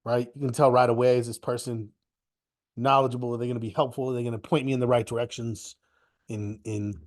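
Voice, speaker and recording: A man's voice: mid-range voice, level tone, quick pace. A middle-aged man with a cold, stuffy and coughing now and then, hosting a live market webinar in a rambling, chatty way that often restarts sentences. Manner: rambling, self-correcting, chatty. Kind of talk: casual live webinar talk.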